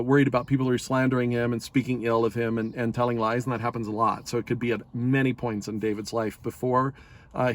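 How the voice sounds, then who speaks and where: A man giving a relaxed, conversational Bible study talk, explaining plainly with fillers and restarts. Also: medium pitch. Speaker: Bible teacher.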